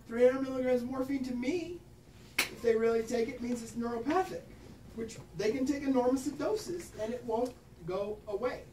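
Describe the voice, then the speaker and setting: A woman's voice: sits high, noisy background. A woman physician giving a casual, frank talk on pain care to clinicians, often tagging points with "right?". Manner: casual, frank, swears, tags lines with "right?". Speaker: physician lecturer. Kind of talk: informal medical talk to clinicians. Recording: echoey room from far off.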